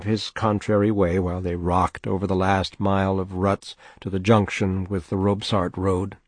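A man reads a novel aloud in a steady, measured way. His voice is low. The recording is dry, with no room sound. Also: no echo. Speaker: narrator. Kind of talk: audiobook reading of a novel.

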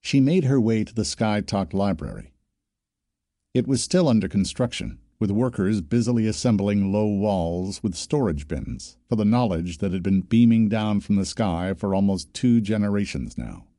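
Man reading an audiobook, steady n even, warm dark voice, dry close sound. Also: lowish voice, normal speed, dry recording. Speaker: narrator. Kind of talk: audiobook narration.

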